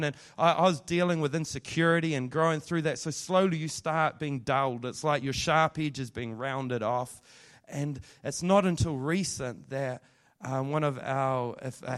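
A man's voice: medium pitch, fairly even intonation, moderate pace, clean tone. A man, a pastor giving a candid, rambling testimony sermon that builds into fervent prayer.

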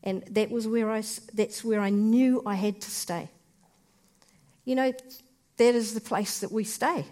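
A woman giving a personal faith testimony in an earnest, heartfelt way, speaking in short, halting phrases. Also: medium pitch, fairly even intonation, warm tone.

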